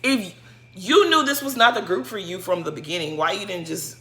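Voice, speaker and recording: A woman giving a casual, sassy recap of a reality show, scolding a cast member in animated slang. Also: mid-range voice, moderate pace, slight background noise. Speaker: show commentator.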